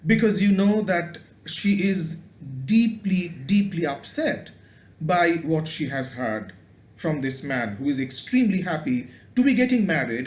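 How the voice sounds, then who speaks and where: A man with a fairly high voice gives a thoughtful video lecture, pausing on ums and repeating words as he works out his thoughts. The room adds a noticeable echo around him. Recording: roomy echo.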